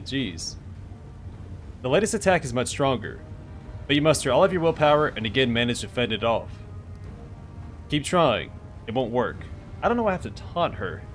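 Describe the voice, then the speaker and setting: A man's voice: mid-range voice, fairly bright tone. A man hosting a let's play, reading out game text and reacting to his dice rolls in a wry, joking way. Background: faint music.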